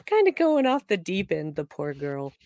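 A woman co-hosting a podcast, retelling an episode in an animated, casual way and acting out the characters' lines as she goes. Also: deep voice, unhurried, no room sound, clean studio sound. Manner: animated storytelling, acts out quoted characters. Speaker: podcast co-host. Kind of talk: casual episode recap chat.

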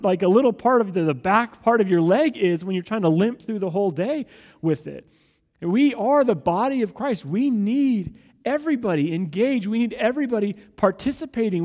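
A man in his thirties preaching a sermon as a pastor, energetic and conversational with animated asides. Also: high-pitched, in a large hall. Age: 30s.

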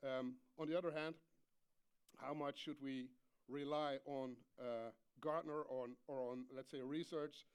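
A man's voice: medium pitch, steady tone, unhurried, clear, resonant tone. A man giving a conference presentation, hesitant with many fillers and a light humor. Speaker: conference speaker.

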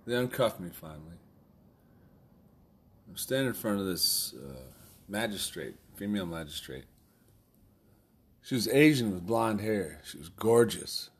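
A man's voice: fairly low pitch, expressive, measured pace, long pauses, slightly rough. A man telling a personal story in a casual, rambling way, swearing freely and laughing as he goes. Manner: profane, rambling, laughs often.

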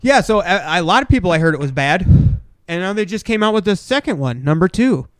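A man co-hosting a podcast, trading crude jokes and swearing freely as he slips into goofy voices. His voice sits a bit high. The sound is dry and close. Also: very animated, fairly quick, no echo. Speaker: podcast co-host. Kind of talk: casual banter.

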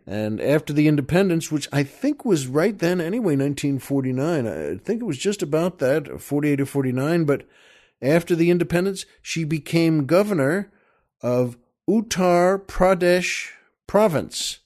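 A man's voice: a little high, lively intonation, normal speed, a little mellow. A man hosting a talk show, telling a joke in a folksy, rambling way and chuckling often. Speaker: host.

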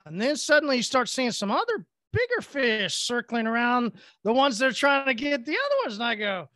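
Male host from Oklahoma, excitable storyteller, bright forceful tone, dry close sound. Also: very high-pitched, a little fast, no echo. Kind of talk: casual storytelling chat.

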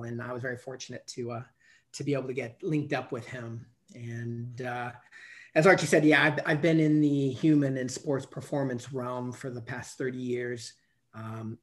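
A man in his fifties, a coach and podcast guest, telling stories in a rambling way with many restarts and fillers. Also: mid-range voice. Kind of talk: casual storytelling interview.

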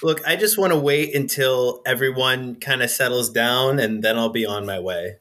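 A man speaks as a player in a tabletop game, his mid-pitched voice clearly bright. He is laid-back and casual, stopping now and then on an um. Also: normal speed.

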